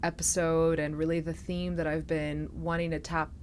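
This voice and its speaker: A woman hosting an intimate interview podcast, talking in a reflective, soft-spoken way that turns emotional at times. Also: low voice, little pitch movement, moderate pace, a little hiss or hum. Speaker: podcast host.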